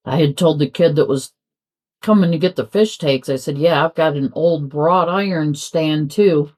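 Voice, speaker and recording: At home, a crafting vlogger chats casually while diamond painting, rambling and letting sentences trail off. Her voice is deep and a little mellow, at a normal speed.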